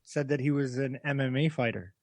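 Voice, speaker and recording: A man's voice: mid-range voice, steady tone, a little fast, dry recording. A man co-hosting a podcast, joking around playfully. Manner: playful, mock-bossy joking. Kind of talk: casual chat.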